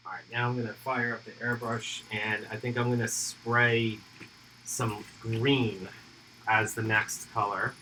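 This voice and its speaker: A man's voice: mid-range voice, slight background noise, low-quality recording. A man hosting a hobby painting livestream, casually explaining his airbrush steps as he works. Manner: relaxed, thinks aloud while airbrushing. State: hiccuping. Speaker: miniature painting livestream host.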